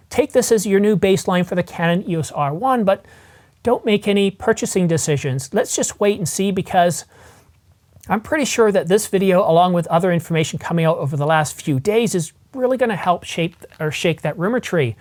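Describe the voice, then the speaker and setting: An eager camera vlogger who talks straight to the viewer in a loose, rambling way. The voice sits at an ordinary middle pitch and keeps circling back as they think aloud. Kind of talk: casual vlog commentary.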